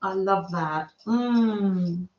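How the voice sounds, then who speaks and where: A woman's voice: medium pitch, drawn-out words. A woman hosting a craft livestream, chatting to viewers and reading their messages aloud in a gushing, friendly way. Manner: gushing, warm-hearted, reads chat aloud. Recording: roomy, slightly dull sound.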